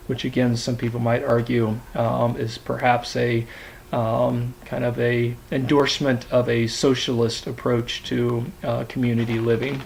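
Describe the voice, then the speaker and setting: A man's voice: medium pitch, little pitch movement, normal speed, creaky, slight background noise, rough recording. A man lecturing on a story as a literature teacher, talking in a hesitant way with many ums. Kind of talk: classroom lecture.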